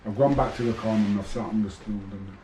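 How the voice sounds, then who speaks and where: Fifties man, ex-fighter, blunt and rambling; mellow low voice, echoey room. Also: fairly even intonation, fast talker, slight background noise. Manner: blunt, swears freely, rambling storytelling. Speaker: former boxer telling his story. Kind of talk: casual monologue to camera.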